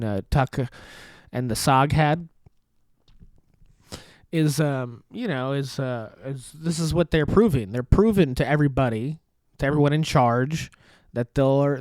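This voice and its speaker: With a fairly high pitch and darkish tone, a young man hosts a podcast from a foldable table in his studio apartment, with no room sound. His casual ranting commentary is sarcastic and full of cursing, frequent laughter and trailing off.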